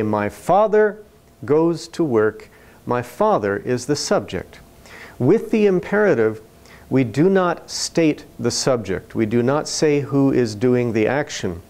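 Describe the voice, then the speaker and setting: Slow, deliberate male teaching narrator. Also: mid-range voice, a little mellow. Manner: slow, clear, deliberate explanations. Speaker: ESL video narrator.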